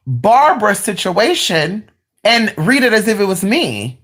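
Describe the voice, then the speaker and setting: A woman vlogger telling a personal spiritual story in a casual, animated way, swearing freely and talking to her viewers directly. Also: a little fast. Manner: voice jumps much higher when excited.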